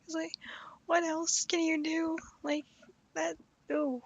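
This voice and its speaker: A young woman giving casual livestream commentary on a story game, animated and blunt, swearing and laughing often. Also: extremely high pitch, slow. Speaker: streamer playing a story game. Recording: dull, dry lo-fi sound.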